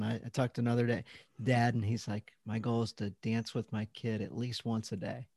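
A man who coaches fathers, talking as a podcast guest in a relaxed, conversational way. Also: mid-range voice, brisk, no echo, clean studio sound. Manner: relaxed, conversational, laughs between stories. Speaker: parenting coach and author, guest. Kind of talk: casual interview chat.

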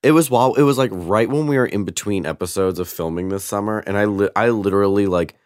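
A man's voice: on the low side, fast talker, dry recording, clean studio sound. A man chatting casually as a podcast guest, telling rambling stories full of "like". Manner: rambling storyteller, heavy use of "like". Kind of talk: casual chat.

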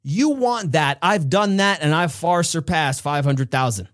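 A man's voice: on the high side, expressive, measured pace, fairly bright tone. Man playing a confident sales coach. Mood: salesy. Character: smooth salesman coach pitching an offer.

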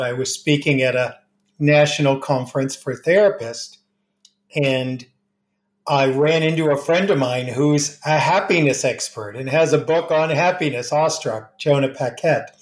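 Male author guest, slightly high voice, animated anecdotes, recorded in an echoey room. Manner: animated anecdotes, acts out quoted dialogue. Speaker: grief expert and author. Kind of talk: interview conversation, storytelling.

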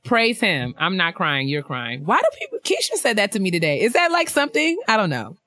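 This is a woman co-hosting a relaxed chat podcast, reading shout-outs from listeners. Her voice is bright and forward, it leaps up in pitch whenever she gets tickled, and she laughs often. The sound is dry and close, with no room around it. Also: a little fast, no room sound. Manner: animated and laughing, big pitch jumps when excited. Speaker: podcast co-host.

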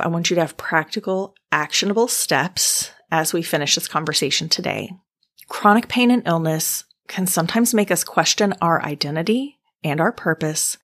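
A woman hosting a faith-based podcast, speaking gently and encouragingly to the listener, her mouth dry, pausing now and then to clear her throat. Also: on the low side. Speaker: podcast host.

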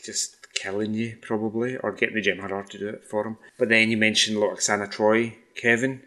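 Joking man with a lowish voice. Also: fairly bright tone. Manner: joking, playful. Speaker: podcast host. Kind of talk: casual chat.

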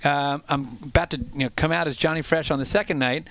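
A middle-aged man telling an animated, self-mocking story in casual conversation, often restarting his sentences. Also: a little high, quick pace. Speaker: former ballpark entertainer.

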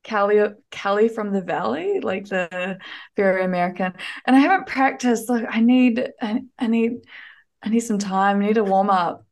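A woman's voice: medium pitch, normal speed, a little mellow. Chatty New Zealand woman, podcast guest. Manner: chatty, laughs easily, many fillers. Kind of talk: casual chat.

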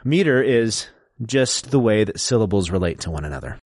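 Lecturing podcast host, man with a lowish voice and a dry, close sound. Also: big pitch swings, darkish tone, no room sound. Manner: lecturing, recites verse slowly to show stress. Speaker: podcast co-host explaining poetry. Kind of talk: casual explanatory chat.

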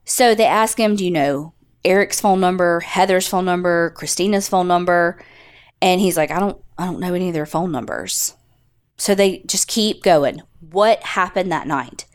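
A woman's voice: on the low side, moderate pace, clear, resonant tone. A woman co-hosting a podcast, telling a story in a casual, chatty way, swearing freely and acting out the quotes. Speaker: podcast co-host.

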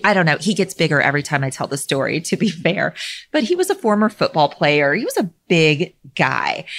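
A middle-aged woman hosting a podcast, telling a story in a calm, measured way that sinks to a near-whisper for emphasis, with light laughs. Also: low-pitched. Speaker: podcast host. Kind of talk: reflective storytelling monologue.

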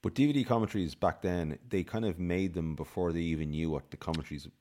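A man co-hosting a podcast, telling rambling, animated film anecdotes full of restarts. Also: low voice, fast talker. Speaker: podcast co-host. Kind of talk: casual film chat.

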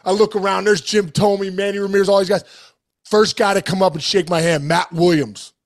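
High gravelly man telling stories. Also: brisk. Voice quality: gravelly, animated, swears and says dude. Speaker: podcast co-host, former ballplayer. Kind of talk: casual storytelling.

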